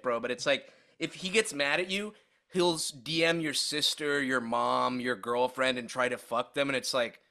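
Male podcast co-host; slangy, relaxed delivery, bright tone. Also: mid-range voice. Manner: laid-back, slangy, drawn-out. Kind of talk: casual podcast chat.

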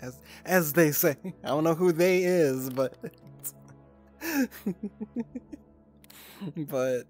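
A man's voice: fairly high pitch, drawn-out words, pauses often, a little mellow, faint music behind. Casual, swearing man chatting on stream. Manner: chatty, swears often, laughs easily, flustered and teasing. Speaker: livestreamer. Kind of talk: casual stream chat with viewers.

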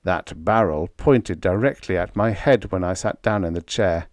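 A man narrating a humorous story in the first person, with a wry, deadpan manner. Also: low-pitched, moderate pace, no echo, clean studio sound. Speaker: audiobook narrator.

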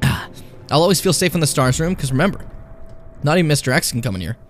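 A man's voice: fairly high pitch, lively intonation, fairly quick, soft background music. A young man playing a horror game on stream, chatting casually, swearing a lot and taunting the enemy. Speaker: let's play streamer.

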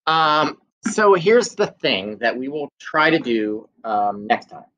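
Lively, playful music teacher man. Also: mid-range voice, slow pace, highs cut off. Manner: playful, singing simple children's songs. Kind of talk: teaching young children over video. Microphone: handheld phone camera.

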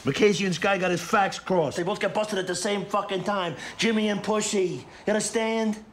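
A man's voice: high voice, steady tone, normal speed, slight background noise. An actor playing a volatile, profane middle-aged mob boss who interrogates his crew. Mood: furious. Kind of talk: TV crime drama acting.

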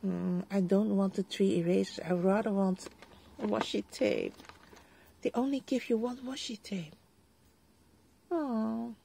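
A woman's voice: medium pitch, moderate pace, gravelly, dark tone, breathy edge. A middle-aged Dutch woman with a Dutch accent, chatting casually to viewers as she unboxes a crafting haul at her desk and exclaims over each item. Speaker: vlogger.

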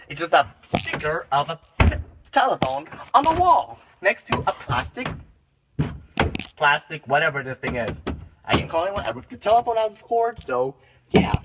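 A man's voice: sits high, very animated, moderate pace, creaky, heavy background noise. A man filming a playful parody home tour on his phone, grumbling in mock complaint and slipping into silly exaggerated voices. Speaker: vlogger. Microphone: phone camera.

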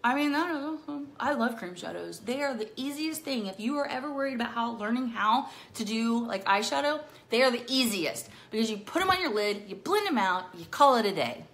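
A woman's voice: fairly high pitch, lively intonation, a little fast, hardly any pauses, fairly bright tone. A middle-aged woman chatting casually through a makeup tutorial, bubbly and playful, with silly rhyming words. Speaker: makeup vlogger.

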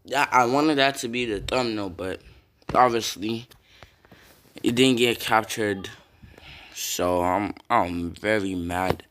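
A young man casually commenting on his own football video game, swearing and breaking into loud yells at big plays. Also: on the low side, slow pace, long pauses. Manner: reactive, swears often, bursts into loud yells.

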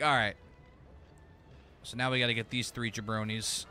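A man's voice: medium pitch, moderate pace, pauses often, pushed and bright. A man streaming a game, giving casual commentary, laughing often and swearing casually.

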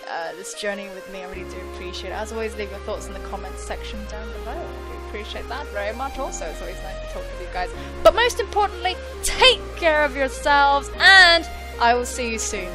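Young woman, let's play commentary, gushing, bright voice, lively pitch, faint music behind. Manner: excitable, gushing, squeals and laughs a lot. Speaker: gaming YouTuber.

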